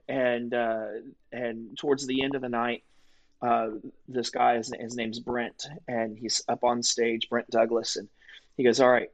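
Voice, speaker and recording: A man's voice: medium pitch, low-quality recording. A man as a podcast guest, telling a personal faith story in an earnest, vivid conversational way. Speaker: guest telling his testimony.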